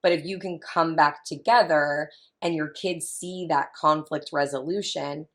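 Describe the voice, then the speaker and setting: A woman in her thirties with a deep voice speaks in a steady tone at an unhurried pace. She's a family consultant appearing as a guest in a casual interview. She talks in a chatty, emphatic way, repeating her key points.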